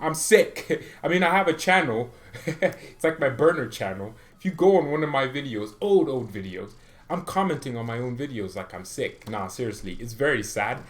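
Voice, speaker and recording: A man in the middle of the usual pitch range hosts his own fan channel, talking casually straight to camera. He rambles from point to point with excitable energy and pokes fun at himself along the way. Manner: excitable, rambling, self-mocking.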